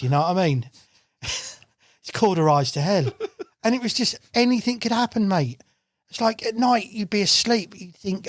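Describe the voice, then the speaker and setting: Animated bloke telling fishing stories. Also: male voice, high voice, normal speed, pauses often, no room sound, clean studio sound. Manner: animated, swears freely, acts out quotes. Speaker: guest angler. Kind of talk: casual storytelling chat. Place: podcast studio. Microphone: studio mic.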